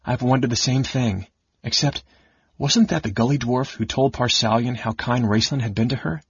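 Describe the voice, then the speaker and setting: A man's voice: mid-range voice, normal speed, breathy edge, no room sound, highs cut off. A man voicing a frightened, exhausted young noblewoman cleric in a raised, pleading tone. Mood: weary.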